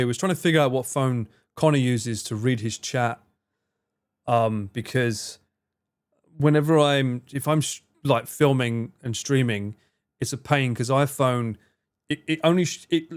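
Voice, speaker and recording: A man hosting a relaxed live stream, talking in a loose, rambling way. He drops casual swears and answers viewers by name as he reads their messages. His voice sits at an ordinary middle pitch. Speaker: livestreamer reading and answering chat.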